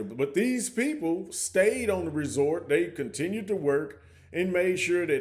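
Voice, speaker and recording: A man's voice: sits high, lively intonation, a little slow, darkish tone. A man hosting a casual reaction commentary, talking conversationally with frequent stammering restarts. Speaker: commentary host.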